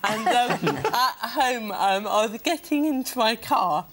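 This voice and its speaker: A woman on a TV panel telling a self-mocking story slowly, laughing as she goes. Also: a little high, animated, noisy background. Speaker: panel guest. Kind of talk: comic anecdote on a TV panel. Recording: loud studio audience laughter.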